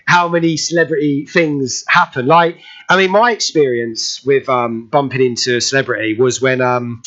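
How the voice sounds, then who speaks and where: A man's voice: mid-range voice, fairly even intonation, normal speed, a bit bright, lo-fi sound. A man hosting a radio show, chatting casually and telling celebrity anecdotes, laughing often. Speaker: radio host.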